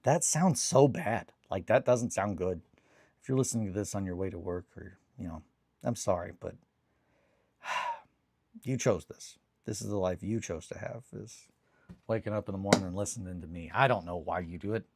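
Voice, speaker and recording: A man's voice: fairly low pitch, moderate pace, creaky, darkish tone, slightly rough, no echo. A young man hosting a morning hobby show, telling a rambling story in a casual, self-deprecating way with the odd swear. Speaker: hobby stream host. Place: home hobby desk.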